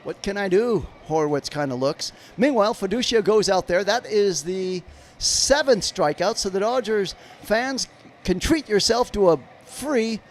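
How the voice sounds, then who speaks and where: High-voiced chatty male baseball streamer. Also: lively intonation, unhurried. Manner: chatty, rambling asides to viewers in chat. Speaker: livestream baseball commentator. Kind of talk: live play-by-play commentary.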